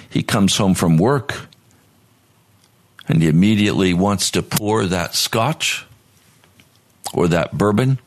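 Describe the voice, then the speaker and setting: A man preaching a sermon as pastor, earnest and at times pleading in prayer. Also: lowish voice.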